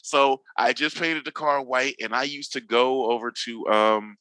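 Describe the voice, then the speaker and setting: A man in his forties from Northern California, a podcast guest telling stories casually, animated and slangy, acting out the people he quotes. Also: medium pitch, measured pace, clean tone, no room sound, low-quality recording. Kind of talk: casual storytelling chat.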